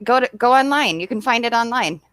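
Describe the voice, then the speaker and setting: A woman's voice: a little high, animated, a little fast, fairly bright tone. A woman streamer chatting casually and laughing easily as she talks. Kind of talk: casual chat.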